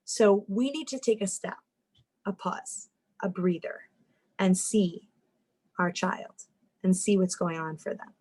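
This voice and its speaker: A woman family therapist giving a lively talk on parenting, acting out the inner voices of parents and kids, often repeating words as she goes. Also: mid-range voice, takes it slowly, pauses often, rough recording. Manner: animated, acts out parents' and kids' inner voices; repeats words and restarts sentences when speaking.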